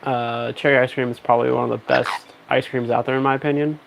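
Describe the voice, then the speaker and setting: A man's voice: mid-range voice, flat delivery, fast, gravelly, a little hiss or hum. A man hosting a casual livestream, chatting with viewers and coaxing his pet bird. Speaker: pet parrot owner streaming.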